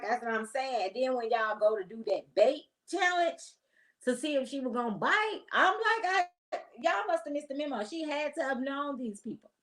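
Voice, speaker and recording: A woman's voice: on the high side, rough recording. Chatty, opinionated woman. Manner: chatty, opinionated, slangy, direct address. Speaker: host. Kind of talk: casual commentary vlog.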